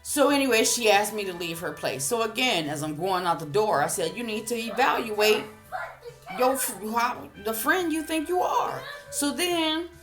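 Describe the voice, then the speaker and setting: A woman's voice: fairly high pitch, animated, moderate pace, music in the background. A woman with a blunt, profane manner, casually telling a heated story about a neighbor, as a vlogger.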